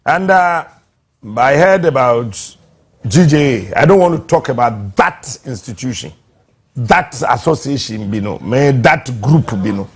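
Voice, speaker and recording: A man making a defiant, forceful speech in a played clip, repeating himself and mixing languages. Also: mid-range voice, expressive, unhurried, breathy edge.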